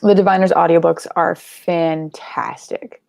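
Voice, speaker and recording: A woman's voice: lowish voice, normal speed, gravelly, a little mellow, dry recording, studio quality. A young woman hosting a live book club stream, chatting casually and rambling, sleepy and yawning, with offhand swearing.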